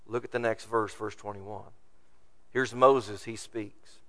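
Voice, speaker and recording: A man's voice: fairly low pitch, fairly even intonation, slow, a bit bright. A man preaching a sermon, reading scripture aloud and acting out the complaints of the people. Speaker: pastor.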